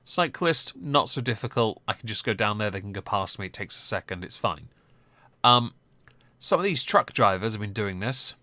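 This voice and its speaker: A man's voice: on the low side, expressive, moderate pace, sharp tone, dry recording. A man hosting a political live stream, giving casual commentary with lots of ums and blunt swearing.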